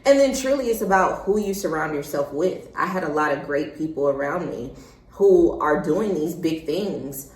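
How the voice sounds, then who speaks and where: A woman's voice: deep voice, expressive, normal speed, reverberant, rough recording. A young adult woman, a podcast guest, talking confidently and laughing easily in a casual interview. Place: studio.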